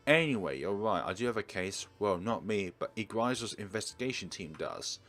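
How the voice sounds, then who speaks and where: A man's voice: lowish voice, lively intonation, normal speed, soft background music. Man doing an earnest young nurse. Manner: raised, bright, eager delivery. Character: earnest young woman nurse, loyal, a bit defensive.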